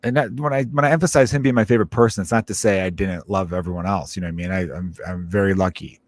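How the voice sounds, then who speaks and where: A man's voice: deep voice, steady tone, quick pace, no echo. Man on a dry, close podcast mic. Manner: candid and profane, mixing grief with jokes. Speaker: podcast host; stand-up comedian. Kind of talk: personal storytelling monologue.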